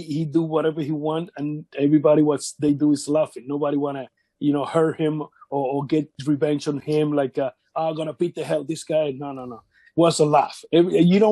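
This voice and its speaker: Dark-voiced man telling wrestling stories. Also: fairly high pitch, dry recording. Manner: animated anecdotes, non-native English grammar. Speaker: interview guest, former wrestler. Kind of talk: shoot interview storytelling.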